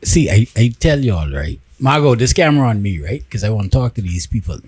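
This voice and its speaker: A man hosting a casual podcast, talking with animated, emphatic storytelling and frequent restarts. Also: fairly low pitch, brisk, breathy edge, no room sound. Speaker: podcast host.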